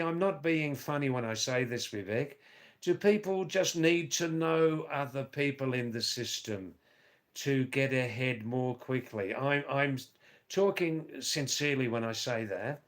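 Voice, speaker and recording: A man hosting a live stream, reading out viewers' chat comments and answering them in a slow, rambling way with dry teasing asides. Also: mid-range voice. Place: Nepal or India.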